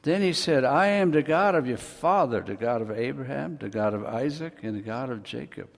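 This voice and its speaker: A man's voice: medium pitch, lively intonation, moderate pace, creaky. Folksy male pastor in a reverberant hall. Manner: folksy, jokes with the congregation; rises and swells for emphasis. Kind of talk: sermon. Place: church hall.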